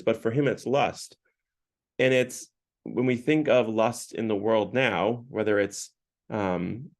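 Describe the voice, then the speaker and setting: A man with a lowish voice gives a casual, earnest sermon talk for a parish. He speaks loosely and leans on "like" as filler.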